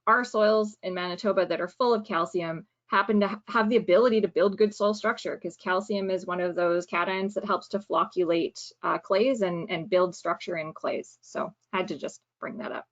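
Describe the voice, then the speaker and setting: A woman's voice: lowish voice, steady tone, normal speed, hardly any pauses, fairly bright tone. A woman soil specialist presenting in an online webinar, explaining at length with fillers and self-corrections. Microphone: video call. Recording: dull lo-fi call audio.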